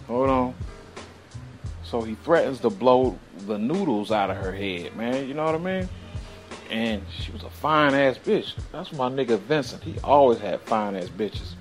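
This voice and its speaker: A man's voice: mid-range voice, animated, faint music behind. A man hosting his own show, telling a rambling personal story full of slang and swearing, sighing between thoughts. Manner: loose, slang-heavy, swearing constantly, drawn-out sighs. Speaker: show host. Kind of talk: profane storytelling monologue.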